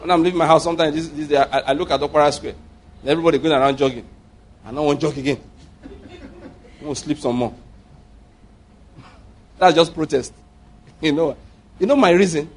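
Husky, jokey male preacher. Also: on the high side, a little fast, long pauses. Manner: jokey, digressive, repeats himself. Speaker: pastor. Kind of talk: sermon.

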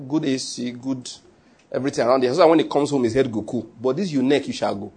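A man's voice: medium pitch, fairly even intonation, fast, warm tone, slightly rough. A man with a Nigerian accent, a pastor preaching a sermon in a joking, conversational way with pidgin asides.

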